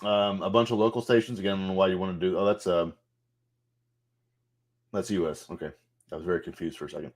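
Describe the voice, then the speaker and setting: A man with a somewhat low voice talks through a game's menus in a loose, off-the-cuff way, swearing now and then. He thinks aloud as he clicks around, and keyboard clicks can be heard behind him. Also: steady tone, fast, long pauses. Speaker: gameplay streamer. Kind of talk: casual game walkthrough commentary.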